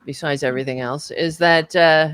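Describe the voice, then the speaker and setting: A woman's voice: low voice, fairly even intonation, moderate pace, a bit bright, smooth, no echo, clean studio sound. An American woman on a podcast panel, talking in an impassioned, profane way with many restarts. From United States. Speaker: book club panelist. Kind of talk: podcast discussion.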